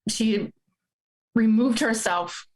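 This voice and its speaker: A woman's voice: a little high, takes it slowly, darkish tone, poor audio. A woman in her forties telling a painful personal story, fighting back tears as she speaks. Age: 40s. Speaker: guest.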